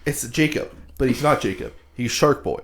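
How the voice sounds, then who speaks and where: A man's voice: medium pitch, moderate pace, slight background noise. A man co-hosting a podcast, throwing in sarcastic quips and reactions. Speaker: podcast co-host. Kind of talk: casual podcast banter.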